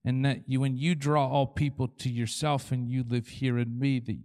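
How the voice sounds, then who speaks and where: A man's voice: medium pitch, level tone, moderate pace, a little mellow. A man preaching a sermon as pastor, joking and acting out imagined prayers and God's replies. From Canada. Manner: humorous, acts out prayers and replies in quoted voices.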